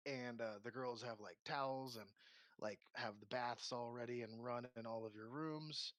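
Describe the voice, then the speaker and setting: A man running a tabletop game as game master. He narrates casually, with lots of "uh" and "like", at a middle pitch. The sound is dry and close. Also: fairly even intonation, normal speed, a bit bright, dry recording. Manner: casual, filler-heavy.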